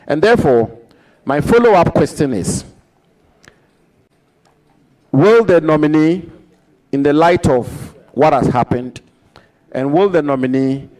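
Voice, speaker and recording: A man questioning a nominee at a formal parliamentary hearing, measured and repeating key points for emphasis. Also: a little high, expressive, a little mellow, low-quality recording. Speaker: committee member asking questions. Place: parliamentary committee hearing room.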